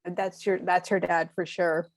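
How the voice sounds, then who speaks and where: Gushing animated woman medium. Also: fairly low pitch, unhurried. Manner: animated, gushing, many fillers. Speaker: medium and show host. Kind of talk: spiritual reading, casual chat.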